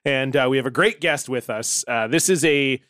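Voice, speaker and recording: A man's voice: mid-range voice, normal speed, a bit bright, no room sound, clean studio sound. A man hosting a podcast, joking around in loose, playful banter with his co-host and guest. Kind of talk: casual chat.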